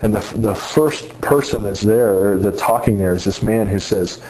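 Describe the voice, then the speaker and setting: A man's voice: fairly low pitch, normal speed, darkish tone, low-quality recording. A man giving an earnest sermon-style talk to students, retelling a story with many restarts. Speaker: speaker addressing students on faith.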